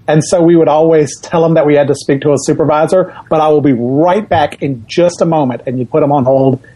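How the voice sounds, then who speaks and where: A man as a podcast guest, telling anecdotes in a relaxed casual chat. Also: on the high side, normal speed, breathy edge.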